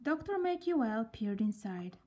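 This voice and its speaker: A woman reading a children's story aloud in a gentle voice, often dropping near a whisper. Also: on the high side, big pitch swings, normal speed.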